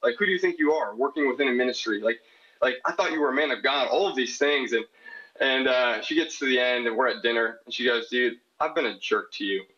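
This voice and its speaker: A young man from South Dakota tells a long personal story in an earnest, rambling way, acting out what each person said. His voice is bright and forward. The sound is dull and lo-fi. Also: medium pitch, quick pace. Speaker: caller asking a question. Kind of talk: candid storytelling.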